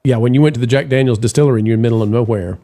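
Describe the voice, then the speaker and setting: A man's voice: medium pitch, very fast, dark tone. A man hosting a casual live-stream show, rambling with fillers while reading viewer messages aloud. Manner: rambling, full of fillers and restarts.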